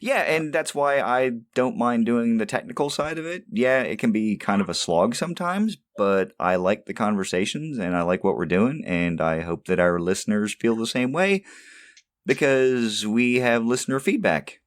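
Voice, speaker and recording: A man's voice: medium pitch, expressive, moderate pace, no echo, clean studio sound. A man hosting a movie podcast, chatting casually and laughing easily with his co-host. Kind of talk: casual chat.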